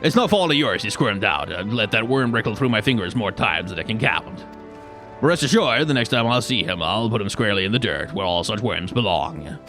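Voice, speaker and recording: A man voicing a gruff, stern male soldier in a fantasy game, speaking low and menacing. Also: lively intonation, fairly quick, over music. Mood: grim.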